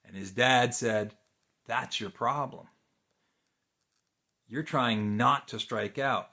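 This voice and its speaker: A man's voice: medium pitch, a little slow, creaky, sharp tone. Middle-aged man, therapist explaining to camera, unscripted, easygoing, lots of um and uh, rhetorical questions. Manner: conversational, many fillers and restarts, asks rhetorical questions. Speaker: therapist teaching a video course. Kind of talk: unscripted teaching talk to camera.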